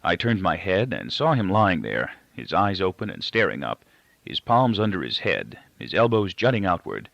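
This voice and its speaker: A man reading a novel aloud in first-person narration, measured and expressive. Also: low voice, vocal fry, dry recording. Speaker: audiobook reader. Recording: dull, dry lo-fi recording.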